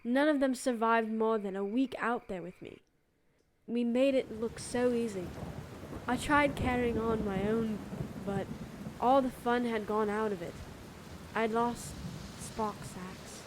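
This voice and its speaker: Lady doing a cutting bitter ex, kinda high, slow and deliberate. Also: noisy background, lightly acted. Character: tough adventurous woman, bitter ex-partner. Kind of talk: amateur fan dub.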